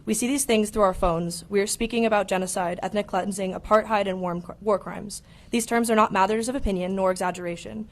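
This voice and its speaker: A young woman speaks quickly and earnestly at the public podium of a county meeting. She reads her prepared comment at a brisk pace with mid-range pitch. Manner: earnest, becomes emotional.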